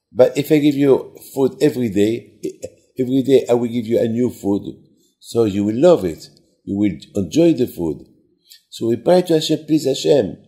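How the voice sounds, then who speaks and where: A man giving a sermon in simple, halting speech, often repeating words and asking rhetorical questions. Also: medium pitch, warm tone.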